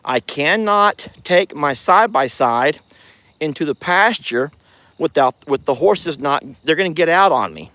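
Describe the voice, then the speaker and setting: A man's voice: fairly high pitch, expressive, measured pace, pushed and bright, dry recording. A man with a Southern US accent, chatting folksily to viewers in a casual outdoor ranch vlog. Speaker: ranch vlogger. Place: outdoors on a farm pasture.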